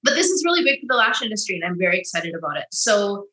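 A woman guest on a podcast, talking excitedly and quickly about her business plans. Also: medium pitch. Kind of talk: casual interview chat. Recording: echoey room.

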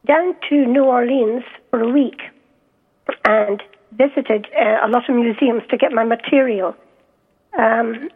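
A Scottish woman talks over a tinny phone line, her voice pitched a little high. She is an author being interviewed, and she speaks hesitantly, filling gaps with ums and going back over her own words. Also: a little slow, breathy edge. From Scotland. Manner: hesitant, many ums and restarts.

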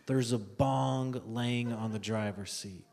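A man doing a stand-up comedy routine, telling a family story with lively acted-out voices. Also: takes it slowly, vocal fry, in a large hall. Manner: animated storytelling, acts out family members in high voices.

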